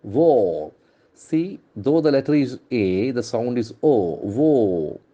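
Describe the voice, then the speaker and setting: A man's voice: medium pitch, animated, warm tone, dull audio. Indian man teaching English pronunciation. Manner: drills words aloud, repeating them slowly; spells words letter by letter. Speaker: English trainer. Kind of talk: newspaper-based pronunciation lesson.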